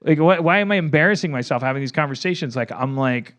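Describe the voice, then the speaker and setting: A man telling a long improvised joke on a comedy podcast, halting, breaking off and laughing as he goes. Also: a little high, animated, a bit bright. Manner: halting, self-interrupting, laughing.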